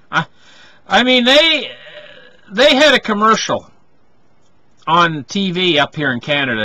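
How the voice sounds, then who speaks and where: A man's voice: a little high, sharp tone, rough recording. A man giving a rambling monologue, circling back with restarts and frequent asides. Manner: rambling, full of restarts and "you know".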